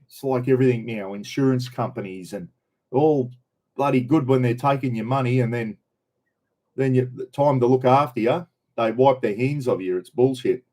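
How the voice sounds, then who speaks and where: A man's voice: mid-range voice, normal speed, a little mellow. Chatty Australian man greeting his viewers. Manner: chatty, greets viewers by name, swears casually. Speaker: host of a live stream. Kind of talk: casual live-stream chat.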